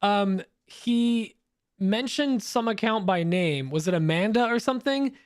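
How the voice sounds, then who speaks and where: A man's voice: high-pitched, expressive, measured pace, dry recording, studio quality. A man co-hosting a woodworking podcast, teasing and laughing through casual banter. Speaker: podcast co-host.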